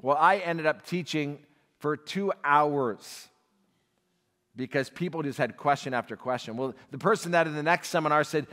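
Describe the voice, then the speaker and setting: Man, storyteller at a church class, voice a bit high, long hall echo. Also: normal speed. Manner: animated storyteller, acts out dialogue, chuckles. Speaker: guest speaker at a Bible class. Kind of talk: storytelling testimony talk.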